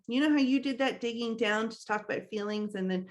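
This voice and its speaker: A woman's voice: on the high side, normal speed, few pauses, a bit bright. A young adult woman leading a training workshop, talking in a conversational way with frequent fillers and small laughs. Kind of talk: instructional talk.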